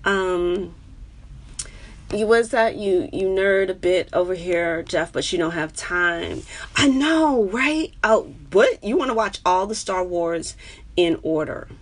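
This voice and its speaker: This woman speaks slowly in a New York accent, a comic chatting loosely with the viewers of her own live stream. She's animated, and excitement sends her voice jumping high, captured through a webcam or phone.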